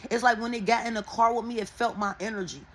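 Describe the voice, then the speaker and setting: A woman who reads tarot, telling viewers a dream in a casual, animated and heavily profane way. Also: a little high, fast, slight background noise, low-quality recording. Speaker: tarot and oracle reader.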